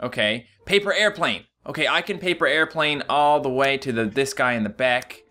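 A man giving casual gameplay commentary, excitable and jumping to high yelps when things go wrong. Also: normal speed, soft background music. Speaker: gaming YouTuber.

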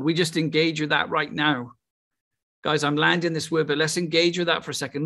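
A middle-aged Welsh man preaching with exuberant, excitable energy. His voice sits fairly high for a man, and he tosses out exclamations as he goes. It has the feel of a charismatic sermon. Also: fairly quick. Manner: exuberant, breaks into laughter and exclamations.

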